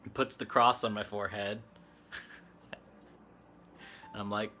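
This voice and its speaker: A man's voice: lowish voice, little pitch movement, slow, pushed and bright, faint music behind. A man hosting a casual livestream chat, telling a story in a rambling way, laughing often and using plenty of fillers. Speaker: livestream host.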